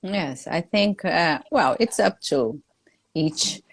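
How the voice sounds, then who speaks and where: A woman whose first language is Portuguese, hosting a live English-teaching chat on a video call and asking polite, unhurried questions. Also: lowish voice, lively intonation, creaky. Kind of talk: casual live interview.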